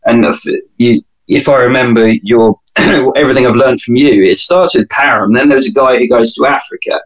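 A man's voice: medium pitch, steady tone, moderate pace, low-quality recording. A British man speaking as a podcast guest in a casual, wry, digressive way, fond of analogies. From United Kingdom. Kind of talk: casual conversational interview.

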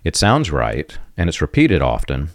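A man's voice: a bass voice, huge pitch swings, normal speed, creaky, no echo, clean studio sound. A man talking earnestly about religious teaching, emphatic and given to repeating his main points. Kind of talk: conversational commentary on religion.

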